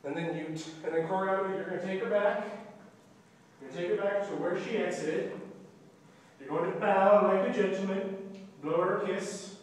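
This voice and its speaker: A man's voice: high-pitched, steady tone, normal speed, pauses often. A young man explains stage blocking in a casual way, singing the music cues and acting out the lines. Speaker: student play director. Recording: echoey hall, distant mic, faint noise.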